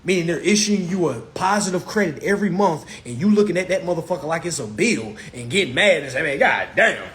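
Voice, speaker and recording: A man's voice: on the high side, animated, fast talker, few pauses. A man giving a casual live-streamed teaching, emphatic and repetitive, with rhetorical questions and blunt profanity.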